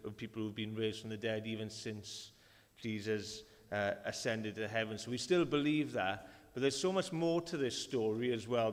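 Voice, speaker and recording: A Welsh man in his thirties gives a sermon in a church hall, and the room's long reverb trails after his words. He talks conversationally, stumbling over fillers and restarting sentences as he goes. His voice sits in a middling register. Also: mid-range voice. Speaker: preacher.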